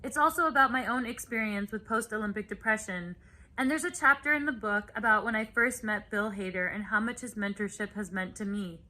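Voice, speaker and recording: A woman's voice: medium pitch, brisk, pushed and bright. A young woman reading a scripted, earnest and upbeat introduction to a talk.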